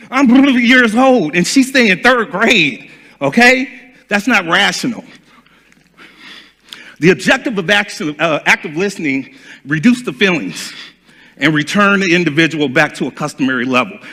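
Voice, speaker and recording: A man giving a seminar talk as a speaker and trainer, animated and acting out dialogues. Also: a little high, in a large hall.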